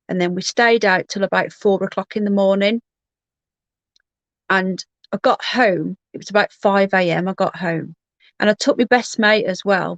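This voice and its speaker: A woman's voice: medium pitch, dry recording. Chatty woman telling a story. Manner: candid, rambling, frequent restarts. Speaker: livestream host. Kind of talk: casual personal storytelling.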